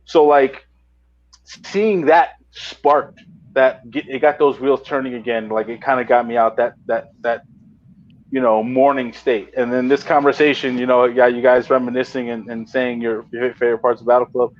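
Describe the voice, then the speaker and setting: A wrestling promotion owner tells stories in a casual podcast chat, swearing and getting worked up as an excitable, profane storyteller. His voice is medium-pitched at a normal speed, and the audio is dull and lo-fi.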